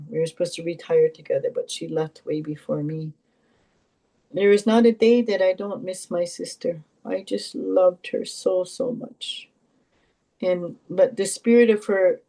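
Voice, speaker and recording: An older woman, an Elder from Canada, sharing heartfelt stories and teachings in a gentle, reflective way with pauses and repetitions. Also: fairly low pitch, rough recording. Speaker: Elder and knowledge keeper.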